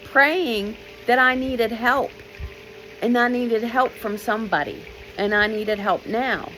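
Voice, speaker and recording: An earnest, thankful schoolgirl , as a woman storyteller puts her on, speaks in a lifted, higher voice. Her words come slow and sincere. A faint hiss sits under her. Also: fairly bright tone, low-quality recording. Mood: grateful. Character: grateful schoolgirl in a wheelchair.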